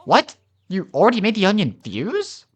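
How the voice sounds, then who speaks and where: A man's voice: fairly high pitch, very animated, brisk, pitched above the performer's own voice. Man putting on an eager young woman researcher. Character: excitable female castaway researcher.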